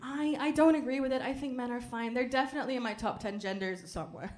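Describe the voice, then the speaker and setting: A young woman does stand-up with crowd work on a club stage, speaking into a handheld mic in a dry, deadpan way. She talks briskly with few pauses, now and then bursting into loud, high mock-French theatrics, and the recording is very noisy.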